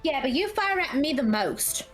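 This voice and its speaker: Brief: bubbly high-voiced woman player, very animated, teasing and foul-mouthed. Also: moderate pace, soft background music. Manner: bubbly, swears freely, teasing. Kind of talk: casual role-play on a live stream.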